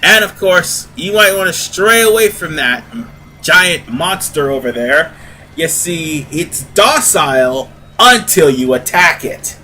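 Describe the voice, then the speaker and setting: A man's voice: on the high side, lively intonation, slow, sharp tone, a little hiss or hum. A man giving casual, rambling let's-play commentary as host of a gaming video, often correcting himself. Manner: chatty, rambling, self-correcting.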